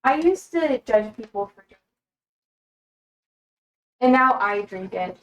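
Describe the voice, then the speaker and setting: A woman's voice: on the high side, expressive, slow pace, low-quality recording. A young woman livestreaming from her kitchen, chatting casually and rambling between talk to her pets. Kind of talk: casual chat while cooking.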